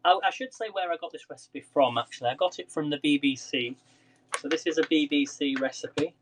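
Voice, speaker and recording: Man, chatty live-stream cook, slightly high voice, faint hum behind. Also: brisk. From England. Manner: chatty, laughs often, chats with viewers by name. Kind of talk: casual live-stream cooking chat. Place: home kitchen.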